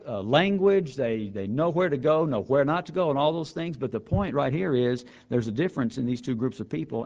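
A man delivers a Bible lesson in an earnest sermon style, pressing his main points by repeating them. He slows down when he quotes scripture. His voice sits in a middle pitch, and the recording sounds a little dull and lo-fi. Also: creaky, darkish tone. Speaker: Bible teacher.

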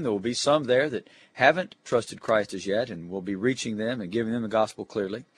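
Husky-voiced man previewing a Bible lesson. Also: mid-range voice. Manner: earnest teaching with scripture readings in King James English. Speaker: Sunday school teacher trainer.

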